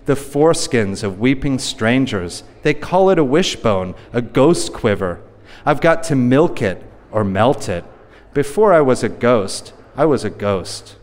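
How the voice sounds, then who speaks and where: A man's voice: medium pitch, big pitch swings, a little slow. A man giving a live poetry reading, with a rhythmic, repetitive delivery. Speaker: poet. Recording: long hall reverb.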